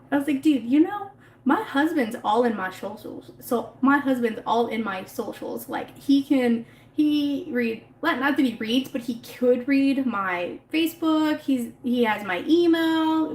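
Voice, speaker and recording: A chatty woman with a slightly high voice rambles through a casual livestream, answering viewer comments from her phone. Her voice echoes around the room, with a faint noise underneath. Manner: chatty and rambling, laughs often. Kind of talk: casual live chat.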